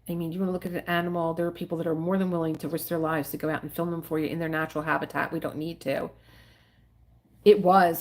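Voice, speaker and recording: A middle-aged woman hosts a casual livestream, talking freely to her viewers. Her voice sits a little low, and she rambles from one story to the next, quick to get emotional. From Philadelphia area. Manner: rambling, chatty, emotional about animals. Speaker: livestream host. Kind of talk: casual chat with live viewers.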